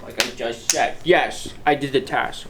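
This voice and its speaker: A man in an office comedy skit, deadpan and defensive as he makes excuses. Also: medium pitch, a little slow, noisy background. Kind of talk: mockumentary comedy acting.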